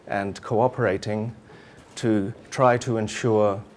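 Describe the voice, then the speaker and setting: A middle-aged man with a New Zealand accent giving a formal lecture to students, measured and steady with frequent um fillers. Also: on the low side, a little hiss or hum. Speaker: guest lecturer.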